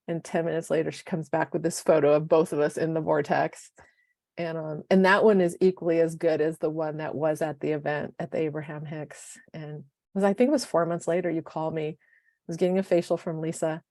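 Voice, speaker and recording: Lively woman in her fifties, dry close sound. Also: lowish voice, moderate pace, no room sound. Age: 50s. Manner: animated storyteller who acts out quoted dialogue. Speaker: podcast co-host. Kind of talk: casual podcast chat.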